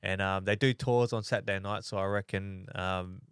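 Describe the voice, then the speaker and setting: An Australian man co-hosting a podcast in loose, rambling chat. His voice sits fairly low and smooth, and the close studio mic keeps it dry. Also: steady tone, normal speed, a bit bright, no room sound. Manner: rambling, restarts often. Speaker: podcast co-host. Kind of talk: casual chat.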